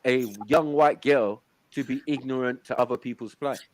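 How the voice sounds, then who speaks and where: A man from London hosting a casual live panel chat, emphatic, often dropping to low murmurs. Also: fairly even intonation, moderate pace. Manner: emphatic, drops to low murmurs, frequent "you know what I mean".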